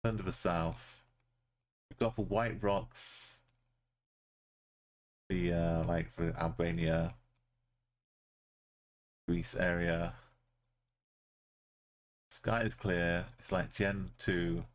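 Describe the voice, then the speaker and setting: A man's voice: sits low, fairly even intonation, very slow, long pauses, a little hiss or hum. A male streamer giving live commentary on a game, thinking aloud and musing with trailing fillers as he goes.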